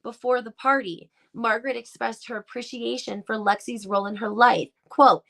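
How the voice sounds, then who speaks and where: Woman host, live-stream gossip commentary, fired-up and emphatic, a bit high with vocal fry. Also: steady tone, moderate pace, few pauses, fairly bright tone. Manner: emphatic, gossipy, rhetorical questions.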